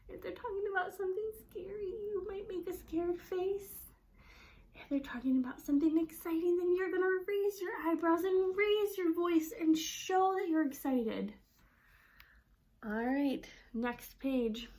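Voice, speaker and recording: Young woman speech therapist, fairly high voice, animated storybook reader, patient teacher tone. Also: unhurried. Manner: expressive storybook reading with wide pitch swings; friendly teacherly explaining. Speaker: speech-language pathologist. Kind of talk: instructional read-aloud demonstration.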